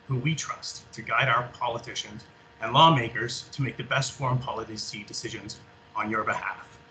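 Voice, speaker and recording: A soldier from Canada giving a halting, earnest talk and reading a prepared speech about remembrance. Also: male voice, mid-range voice, sharp tone, slight background noise, poor audio. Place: public library event room.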